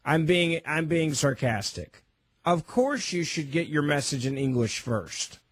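A young man hosts a call-in radio show with a fairly high voice. He talks emphatically and mixes sarcasm into his opinions. The sound is dry and close. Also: lively intonation, measured pace, husky, no room sound. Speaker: fill-in talk radio host.

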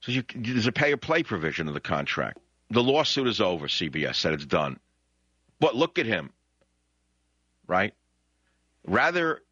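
A deep-voiced man with a New York accent delivers an opinionated talk radio monologue. His tone is forceful and his pitch leaps around as he rants sarcastically. The audio is dry and dull, with a lo-fi broadcast sound. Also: dry recording. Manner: ranting, sarcastic, with sudden rising outbursts. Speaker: radio talk show host.

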